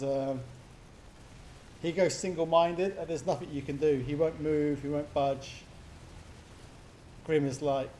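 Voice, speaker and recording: A man commentates a strategy match in a relaxed, rambling way, teasing players by name and slipping into goofy voices. His voice sits a bit on the high side. A faint noise hums under the recording. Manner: chatty, laughs often, puts on silly voices for players. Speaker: game caster. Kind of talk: casual game commentary.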